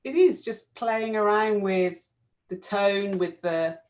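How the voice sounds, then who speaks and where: A woman co-hosting a casual therapy chat, explaining ideas in a reflective, gentle way. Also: medium pitch, slow pace. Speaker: co-host, therapist.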